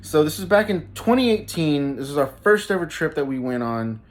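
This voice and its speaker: A man's voice: fairly high pitch, lively intonation. A young man, telling stories casually on his vlog, stumbling over and repeating his words and laughing as he talks. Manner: halting, repeats words often, laughs mid-sentence. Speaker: vlogger.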